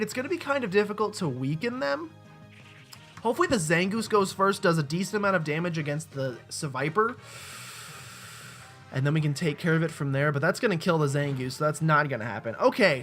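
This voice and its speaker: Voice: medium pitch, fairly bright tone. A let's-play host giving casual, rambling, self-mocking commentary while playing a game at a desk mic. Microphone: desk mic with webcam.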